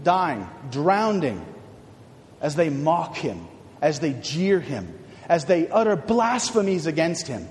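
Male preacher, dramatic sermon, high lively voice, slow deliberate pace, long church reverb. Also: slight background noise. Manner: dramatic, swinging from hushed to shouted.

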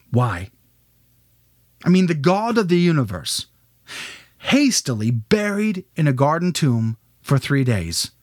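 A man's voice: a little high, slightly rough, no echo, clean studio sound. A man giving a religious lecture, building up with rhetorical questions and dramatic phrasing.

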